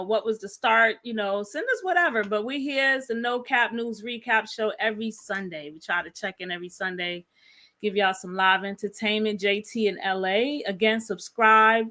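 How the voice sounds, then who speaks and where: A woman co-hosting a casual live news recap show, retelling clips in animated slang. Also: fairly high pitch. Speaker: co-host.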